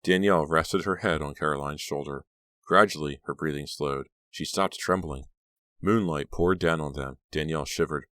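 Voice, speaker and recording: A man narrating an audiobook in a steady, measured storytelling manner. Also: rumbling low, dry recording, clean studio sound. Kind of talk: scripted narration.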